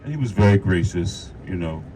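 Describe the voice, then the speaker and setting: A man's voice: sits low, animated, a little fast, dark tone, a little hiss or hum, poor audio. A man, an actor, giving a rambling, emotional speech at an outdoor union rally, laughing and repeating himself into a handheld mic. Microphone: handheld microphone.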